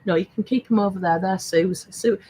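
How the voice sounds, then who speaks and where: An older woman with a mid-range voice hosts a casual live stream selling craft supplies, speaking at a measured pace. She's chatty and laughs often while reading viewer comments, and the rough recording has slight background noise.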